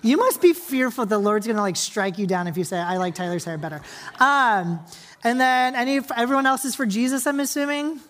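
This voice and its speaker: A young adult woman pastor giving a sermon in a church hall, reading scripture softly and praying, then talking casually with the congregation with many fillers and asides. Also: on the high side, a little fast. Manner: soft, quiet reading and prayer.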